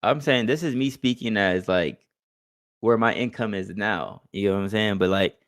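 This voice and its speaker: A man's voice: on the low side, normal speed, no echo, clean studio sound. A young man co-hosting a podcast in casual chat, loose and profane, often acting out what other people say in different voices. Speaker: podcast co-host.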